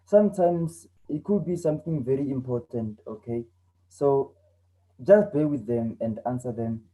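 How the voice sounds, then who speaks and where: A man's voice: mid-range voice, normal speed, dark tone, poor audio. A man teaching an online English lesson, explaining patiently and repeating himself with a lot of "okay". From South Africa. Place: home.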